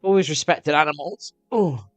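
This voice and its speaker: A man's voice: a little high, moderate pace, no echo, faint music behind. A man chatting loosely on a live stream while watching videos, swearing freely as he rambles.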